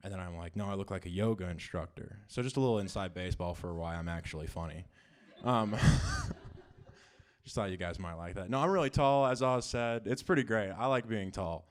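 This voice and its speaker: A young man doing a self-deprecating stand-up set with quick asides and apologies to the crowd. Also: deep voice. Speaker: stand-up comedian. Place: comedy club.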